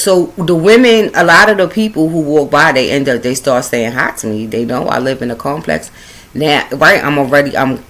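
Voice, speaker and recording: A woman with a fairly low voice tells a street story to her audience, her pitch leaping up and dropping to near whispers. She talks casually and swears freely, animated and unfiltered. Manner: animated, profane, swinging from loud to hushed. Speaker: spiritual storyteller.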